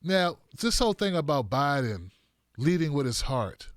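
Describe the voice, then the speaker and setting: A man's voice: on the high side, big pitch swings, normal speed, no room sound, clean studio sound. A male host of a political commentary stream, combative, sarcastic and profane.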